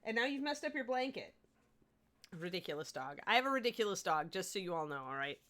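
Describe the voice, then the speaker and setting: A woman's voice: mid-range voice, very animated, fast talker, a bit bright. A young woman hosting a casual livestream, chatty and laughing, a little sleepy after a broken night. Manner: chatty, laughing, talks to her dog between remarks. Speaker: host. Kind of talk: casual livestream chat while painting miniatures.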